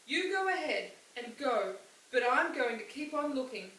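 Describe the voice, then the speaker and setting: A woman voicing a spirited young girl who is stubborn and heartbroken, speaking high and emphatic. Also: very animated, normal speed. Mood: pleading, upset. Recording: roomy, distant mic, faint hiss.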